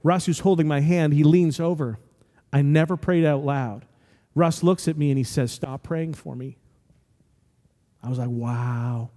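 A man's voice: fairly high pitch, mellow, in a large hall. A man in his forties preaching a sermon, telling a story and building to emphatic, rising exhortations. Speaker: pastor.

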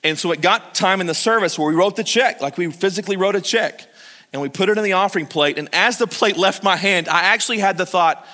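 A middle-aged man preaches in a church sanctuary, his voice bright and a little high. He swings between loud urgent calls and hushed pleading, speaking straight to the listeners. A long reverb trails off the hall. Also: brisk. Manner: storytelling, addresses the congregation directly. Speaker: pastor. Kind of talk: sermon.

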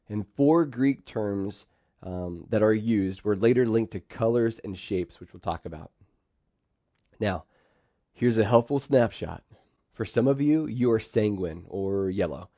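Low-voiced man preaching with lively bursts. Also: no echo. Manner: lively, acts out quoted phrases in bursts. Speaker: pastor. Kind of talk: sermon.

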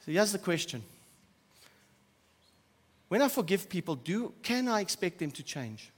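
A man preaching a sermon as pastor, swinging between loud emphatic stretches and quiet, soft asides. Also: high-pitched, lively intonation, normal speed, long pauses. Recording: church hall with long reverb.

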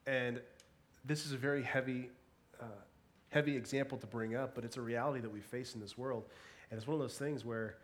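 A man in his thirties, a pastor with a cold who sounds congested, giving an earnest sermon and a quiet spoken prayer with hesitant restarts. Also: medium pitch, fairly even intonation, a little fast. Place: church service.

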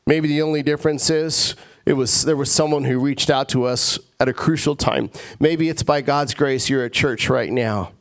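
A man's voice: mid-range voice, fairly even intonation, normal speed, clear, resonant tone. A male pastor preaching a sermon in an earnest way, repeating phrases and stammering into restarts.

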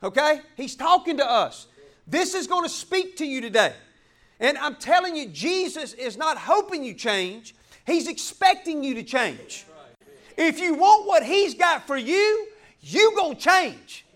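A man pastor preaching a passionate sermon in church, breaking into shouts and laughs. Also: very high-pitched, very animated, measured pace.

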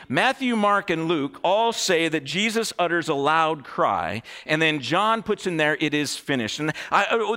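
A man preaching a sermon in an expressive, emphatic way, swinging between hushed and excited delivery. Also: sits high.

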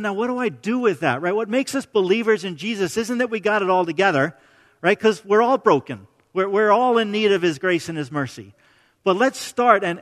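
A man's voice: high voice, a bit bright, long reverb tail. A man preaching a sermon in a conversational way, often restarting phrases and checking in with "right?".

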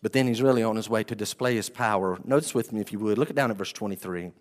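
A man preaching a sermon as pastor, animated, swinging between loud outbursts and quiet asides. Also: fairly low pitch, fast talker.

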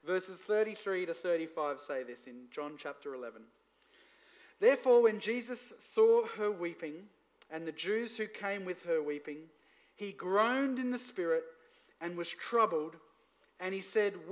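High-pitched guy pastor giving a sermon in church, lively, keeps asking the crowd for amens. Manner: lively preaching, asks the congregation for responses.

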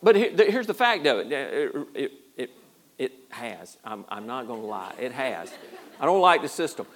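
A man's voice: mid-range voice, sing-song, moderate pace, fairly bright tone, slight background noise. A man preaching a sermon as pastor, in a folksy, self-deprecating way with a lot of repeated words. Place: church.

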